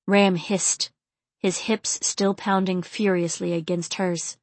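A woman narrating an erotic romance novel in a soft, low, intimate reading. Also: little pitch movement, slow, no echo. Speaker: audiobook narrator.

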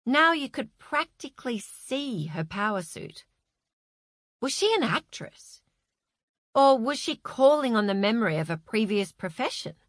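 A woman reading a novel aloud in a measured, expressive narration. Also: mid-range voice, no echo, clean studio sound. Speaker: audiobook narrator. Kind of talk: scripted narration.

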